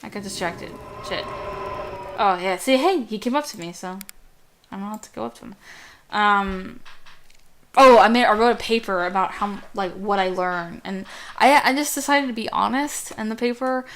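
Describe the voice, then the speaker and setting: A woman's voice: medium pitch, moderate pace, slight background noise. A young woman with a girlish, youthful voice rants casually while playing a game. She talks in a chatty, distracted way and drifts off mid-thought. She drops the odd swear word along the way. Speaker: gameplay commentator. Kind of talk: casual gameplay rant.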